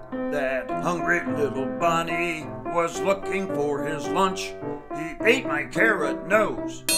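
A crabby little snowman from a toddler cartoon who grumbles and whines about his troubles. His voice sits low and drawls slowly. Plucked guitar music plays loudly beneath him. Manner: complaining, whiny. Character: grumpy sulky male snowman. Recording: strong music under voice.

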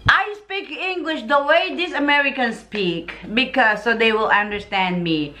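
A Filipina woman with a Filipino accent chatting casually in a vlog, telling stories in an animated way. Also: on the high side, normal speed, hardly any pauses. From Philippines. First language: Tagalog. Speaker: vlogger. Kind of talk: casual chat.

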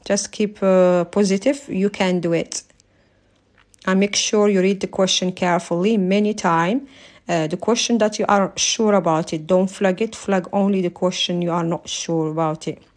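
A woman's voice: fairly low pitch, steady tone, moderate pace, a little mellow. A woman tutoring a driving theory lesson on a live stream, speaking English as a non-native speaker in a chatty way and often ending sentences with "yeah?". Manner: apologizes for her accent, non-native English.

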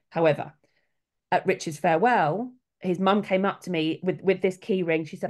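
Speaking fairly quickly in a fairly low voice, a middle-aged woman who works as a soul midwife guests with casual, earnest talk. She brings quoted voices to life as she goes.

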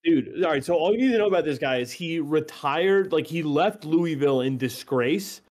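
Pria ngobrol santai penuh semangat. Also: male voice, fairly high pitch, normal speed. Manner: animated, swearing, laughs often. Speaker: podcast guest. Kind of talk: casual chat.

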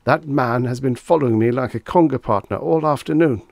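A tipsy, foppish young man-about-town, put on by a male narrator, his voice pitched well up and loud as he blurts out flustered, indignant cries. The recording is dry and close. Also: a little fast, creaky, no room sound. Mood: alarmed.

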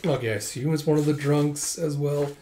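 A man's voice: a little high, steady tone, fairly quick, mellow. Chatty man narrating comic panels. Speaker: manga reader. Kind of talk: casual comic readthrough.

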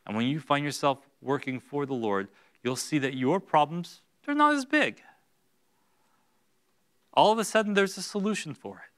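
A male pastor preaching a sermon in a church, going from hushed, slow lines to loud, high-pitched bursts. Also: animated. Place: church sanctuary.

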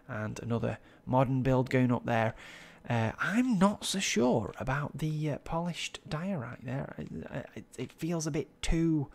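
A man's voice: medium pitch, vocal fry. A man giving casual, admiring commentary while touring builds in a video game, with plenty of ums and uhs. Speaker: Minecraft server tour host.

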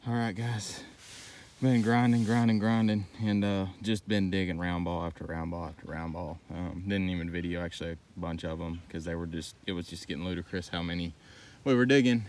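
A man's voice: fairly low pitch, a little hiss or hum. A man narrating a metal detecting vlog outdoors into a handheld camera, breathless and exclaiming over his finds. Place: outdoors at a dig site.

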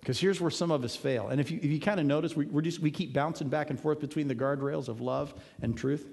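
A man's voice: on the high side, quick pace, creaky, darkish tone. Man preaching in an echoing church. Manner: earnest, conversational preaching with emphatic repetition. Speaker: pastor. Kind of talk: sermon. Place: church sanctuary. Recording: long hall reverb.

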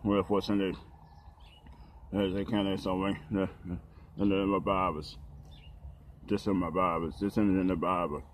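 A man talking haltingly about the Bible, with many pauses, fillers and restarts. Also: low voice, level tone, a little hiss or hum.

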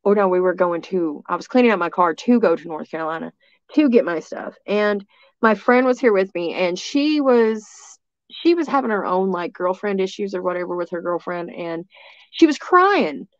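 A woman's voice: lowish voice, animated, moderate pace, dry recording, muffled recording. A woman from East Tennessee, telling a story as a guest in a rambling way, full of restarts and fillers. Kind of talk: casual storytelling.

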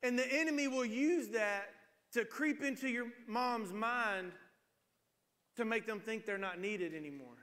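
Bright-voiced pastor in his forties. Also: sits high, unhurried, big-room sound. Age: 40s. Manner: humorous storytelling, acts out voices. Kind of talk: sermon. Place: church sanctuary.

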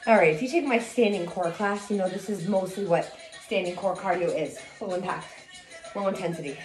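A woman fitness instructor coaching a low-impact cardio workout, energetic and a little out of breath as she counts reps and cheers people on. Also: fairly quick. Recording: echoey room with music.

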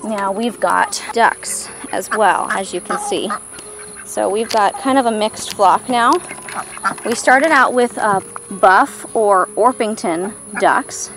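A woman giving a casual farm tour as a vlogger, often switching to a high, cooing baby-talk voice for the animals. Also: slow. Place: outdoors on a farm. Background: background music.

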